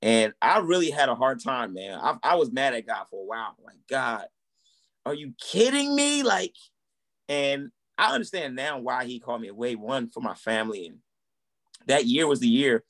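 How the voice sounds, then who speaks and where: Talking a little fast in a mid-range voice, a musician and minister from the United States in his thirties is the guest in a casual interview. He relates his story animatedly, acting out the lines people spoke.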